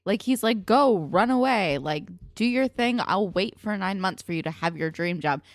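A woman's voice: lowish voice, expressive, moderate pace, dry recording. A young woman co-hosting a casual podcast, blunt and exasperated, swearing freely as she vents. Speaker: podcast co-host. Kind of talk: casual chat.

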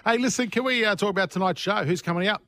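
A man's voice: sits high, quick pace, bright, forceful tone. An Australian man hosting a sports radio show, steering the chat and retelling stories with animation. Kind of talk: casual sports radio banter.

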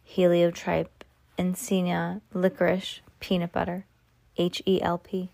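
A woman reading a chapter book aloud in a slow, expressive way, with small restarts. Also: fairly low pitch, creaky, no echo. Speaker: reader.

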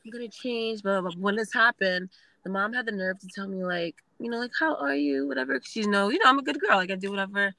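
A young woman tells her story in a blunt, profane, animated way. Her voice is very bright and sharp, recorded dry and close. She talks casually, as if confiding in friends. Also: medium pitch, quick pace, dry recording, low-quality recording.

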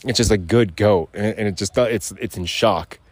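A man's voice: on the low side, normal speed, breathy edge, dry recording. A man hosting a podcast outdoors, rambling in loose, profane, digressive casual chat. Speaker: podcast host. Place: outdoors on a rural lot.

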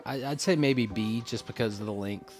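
A man's voice: moderate pace, a little mellow, soft background music. Hesitant man in a podcast chat. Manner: hesitant, stammers at the start, low-key. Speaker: podcast co-host. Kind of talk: casual chat.

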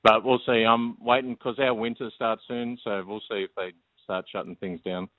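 A man's voice: fairly low pitch, fairly even intonation, normal speed, no room sound. A man with an Australian accent calling in to a radio show, chatting in a laid-back, self-deprecating way. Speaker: caller. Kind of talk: casual phone-in chat. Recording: tinny phone line.

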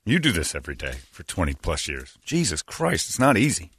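A man's voice: deep voice, huge pitch swings, brisk, fairly bright tone, husky, no echo. A man hosting a talk show, telling stories in a blunt, sarcastic way. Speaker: show host. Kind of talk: casual chat.

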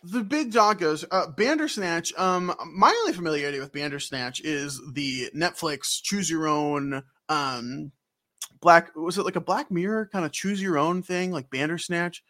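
In an unhurried, bright and pushed voice on the high side, a man co-hosting a podcast chats casually through a game recap. His rambling is full of ums and acted-out moments.

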